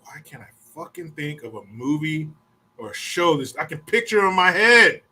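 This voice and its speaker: A man's voice: a little high, sing-song, pushed and bright. A man hosting a podcast, telling a rambling story in a casual, profane way and swearing freely. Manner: rambling, swears often, puts on quick mocking voices. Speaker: podcast host.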